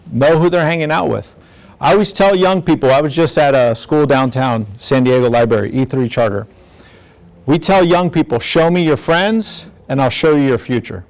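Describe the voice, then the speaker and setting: Middle-aged man, earnest community talk, conversational, mid-pitched voice. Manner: earnest, conversational, asks the audience "right?". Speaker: speaker from the district attorney's office. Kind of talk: community presentation to parents.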